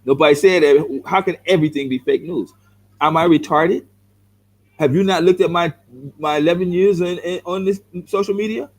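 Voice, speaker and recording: Poor audio captures a fairly high-pitched man speaking at a moderate pace. He's a middle-aged South Central Los Angeles vlogger with a local accent, hitting back at viewer comments in a heated, direct-to-camera rant, blunt and confrontational, repeating himself and calling viewers "bro."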